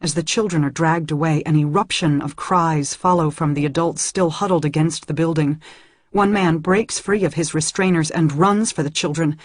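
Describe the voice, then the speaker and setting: A woman's voice: deep voice, normal speed, dry recording, clean studio sound. A woman reading a first-person novel aloud in an earnest way that rises when the story grows tense. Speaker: audiobook reader.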